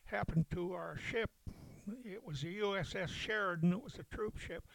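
An older man, a veteran, recalling events in a halting storytelling way with chuckles. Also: high-pitched, vocal fry, fairly bright tone, no room sound, low-quality recording. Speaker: veteran interviewee. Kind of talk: oral history recollection.

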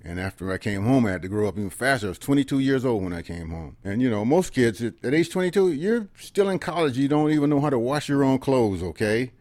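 A man in his seventies, a military veteran, telling personal stories earnestly in an interview, often dropping to quiet asides. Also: mid-range voice, lively intonation, quick pace, hardly any pauses, dry recording. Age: 70s. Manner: earnest, repeatedly drops into quiet asides and tags "okay?".

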